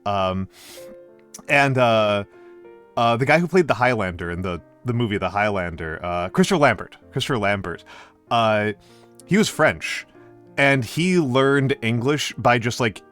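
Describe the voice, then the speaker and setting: A man's voice: medium pitch, animated, unhurried, a bit bright, faint music behind. A man, hosting a stream and chatting casually, rambling with lots of fillers and restarts. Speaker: streamer host. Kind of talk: casual chat.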